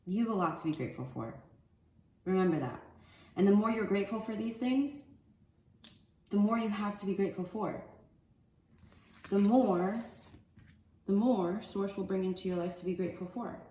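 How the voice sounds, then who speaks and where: A woman reads oracle cards in a loose, meandering way, tossing in casual slang as she goes. Her voice sits at an ordinary middle pitch. The recording is echoey, with a faint hum of ambient noise behind her. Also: moderate pace, long pauses, dark tone. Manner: loose, rambling, slangy chat. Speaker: spiritual card reader. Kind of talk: casual oracle card reading.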